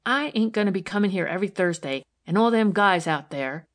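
A woman's voice: mid-range voice, expressive, a little fast, lightly acted. A woman voicing a defiant, gum-chewing young woman on probation who talks in blunt street slang, in a storybook reading.

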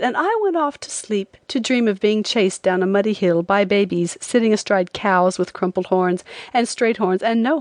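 A woman narrating a travel memoir as an audiobook, with an expressive reading. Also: on the high side, no room sound. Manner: expressive, lively delivery.

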